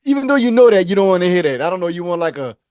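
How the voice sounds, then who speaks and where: A man co-hosting a podcast, chatting casually and telling animated stories where he acts out the people he quotes. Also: high-pitched, very fast, no echo, studio quality. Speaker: podcast co-host. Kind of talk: casual chat.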